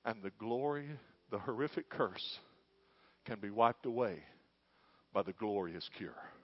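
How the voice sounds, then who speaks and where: A man's voice: fairly low pitch, lively intonation, unhurried, dry recording. A man, a pastor preaching a sermon and telling a story with growing fervor. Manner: storytelling, building to fervent shouting. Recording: dull dry lo-fi.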